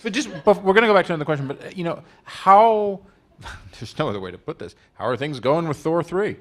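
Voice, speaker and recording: A man hosting an on-stage interview, reading out audience questions and teasing his guest in a playful, energetic way. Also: on the high side, quick pace. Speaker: interview host.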